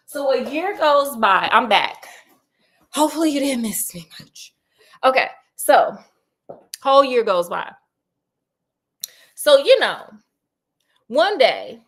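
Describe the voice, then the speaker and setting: With a slightly high voice, a woman playfully retells a well-known story, using slang and lots of animation as she speaks directly to the audience.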